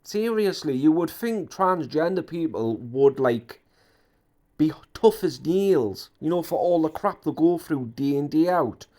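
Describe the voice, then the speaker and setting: A man's voice: a little high, expressive, a little slow, mellow. A man delivers heated commentary on internet drama in a slightly raised register. He hammers his points with repetition and indignant emphasis. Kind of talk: ranting commentary.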